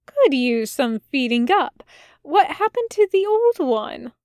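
A woman's voice: high-pitched, sing-song, slow, darkish tone, no room sound, clean studio sound, pitched above the performer's own voice, exaggerated voice. Woman doing a polite, fussy male angel.

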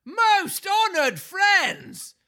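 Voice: very high voice, very animated, drawn-out words, pitched above the performer's own voice, heavily acted. A narrator putting on a pompous ringmaster. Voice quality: loud, pompous, showman's announcing. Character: pompous male circus manager, loud and boastful.

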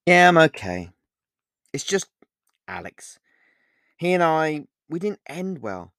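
A man's voice: a little high, very animated, takes it slowly, gravelly, fairly bright tone, no room sound, studio quality, voice pushed up, full character voice. A man reading an audiobook, voicing a young woman who is tense and guarded and talks in a raised, emphatic, apologetic way. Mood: uneasy.

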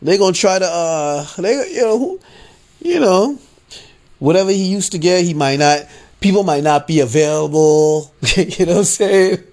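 A man's voice: sits high, animated, slow, pauses often, darkish tone. A man hosting a podcast, ranting casually with lots of swearing and repeated "you know what I'm saying.". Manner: mocking voices he quotes, laughing at his own points. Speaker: podcast host. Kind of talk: casual political rant.

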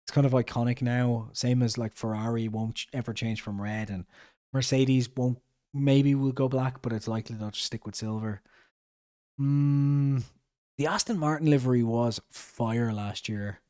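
Mellow-voiced Irish podcast host, rambling. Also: male voice, mid-range voice, steady tone, moderate pace, smooth. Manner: rambling, chatty, self-correcting. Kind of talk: casual chat reading out viewer comments.

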